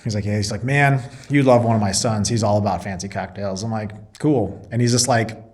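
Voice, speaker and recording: A man's voice: on the low side, fairly quick, a little mellow. A man being interviewed, a Marine reservist and business owner, telling a story in casual chat and acting out both sides of the dialogue.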